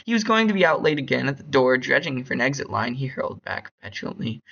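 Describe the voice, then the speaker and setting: A man's voice: medium pitch, gravelly, highs cut off. Bored young man reading a story aloud. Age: young adult. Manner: bored, flat, hurried reading with slips. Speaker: reader. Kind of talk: unedited reading of a short story.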